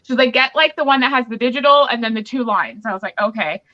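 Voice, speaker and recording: She's a pregnant woman hosting a podcast, and she talks fast in a fairly high voice. Chatting casually, she tells a candid story and acts out both people in a fight, all captured on a muffled lo-fi recording.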